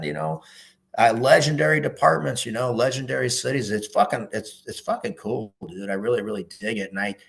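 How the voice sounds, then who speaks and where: A man's voice: mid-range voice, fairly quick, creaky, fairly bright tone, low-quality recording. A middle-aged man, a former police officer, talking in a casual podcast interview, earnest and emphatic, swearing freely.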